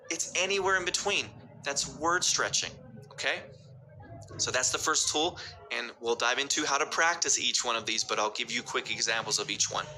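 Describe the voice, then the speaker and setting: A man's voice: medium pitch, sharp tone, a little hiss or hum, poor audio. A man coaching stuttering, talking through speech techniques in an upbeat, encouraging way and demonstrating them by stretching and over-articulating words. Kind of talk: instructional workshop talk.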